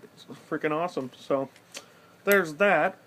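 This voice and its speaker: An excitable young man with a slightly high voice rambles through a story outdoors in the cold, swearing casually as he talks. A faint hiss sits under the camera-mic recording. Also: a little slow. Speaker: pipe-smoking vlogger. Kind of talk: casual vlog chat.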